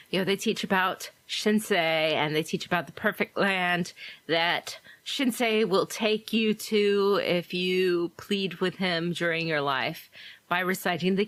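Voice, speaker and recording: A woman co-hosting a podcast, chatty and quick to laugh as she retells scenes. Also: fairly low pitch, fairly bright tone, no echo. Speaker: podcast co-host. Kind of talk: casual chat about game fiction.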